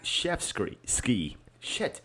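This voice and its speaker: A man's voice: medium pitch, huge pitch swings, slow, bright, forceful tone. A man co-hosting a casual comedy podcast, telling stories with jokes, swearing and frequent laughter. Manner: joking, profane storyteller who laughs often. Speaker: podcast co-host.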